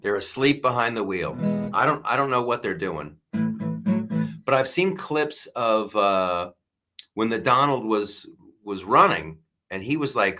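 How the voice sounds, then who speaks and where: A man's voice: on the low side, expressive, a little slow, bright, forceful tone, soft background music. A man hosting a live comedy news show, ranting with exasperated sarcasm and frequent restarts.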